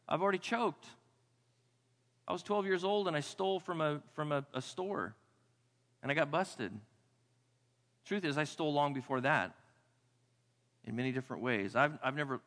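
A middle-aged man preaching a sermon, animated, swinging between loud exclamations and quiet low asides. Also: a little fast, big-room sound. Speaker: pastor.

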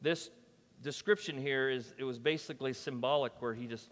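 A man preaching a sermon as pastor, emphatic and conversational, swinging between loud declarations and soft, quiet asides. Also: mid-range voice, normal speed, in a large hall. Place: church.

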